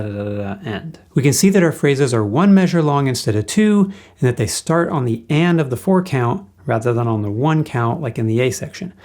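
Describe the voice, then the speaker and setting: A man's voice: medium pitch, a little mellow. A man teaching a guitar lesson, explaining music theory patiently and singing rhythms as syllables.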